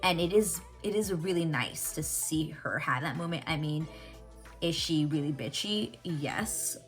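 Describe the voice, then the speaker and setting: A woman with a low voice chats through a TV episode recap, her pitch swinging widely as she gets worked up. She talks in an excitable, unfiltered way and swears freely. Faint music plays behind her. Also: measured pace. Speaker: TV reaction vlogger. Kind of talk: casual recap and reaction chat.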